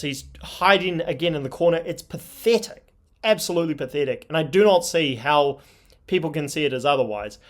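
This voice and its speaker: On the high side and animated, this man's voice moves at a moderate pace as he hosts an MMA commentary channel. He reads tweets aloud with indignant scorn, offering opinionated commentary.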